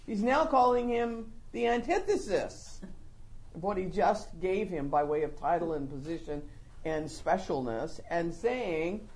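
Animated woman preacher with lively pitch. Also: a little slow. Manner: animated storytelling, acts out scenes. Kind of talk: sermon.

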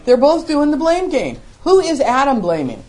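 A middle-aged woman teaching a Bible study to a small group, animated and acting out the voices of the scripture. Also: high voice, moderate pace. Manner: animated, acts out the scripture voices, laughs along.

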